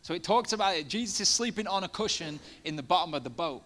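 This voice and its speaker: A man's voice: sits high, expressive, fast talker, a bit bright. Impassioned conversational male preacher. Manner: conversational, many fillers, rising to passionate emphasis. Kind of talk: sermon.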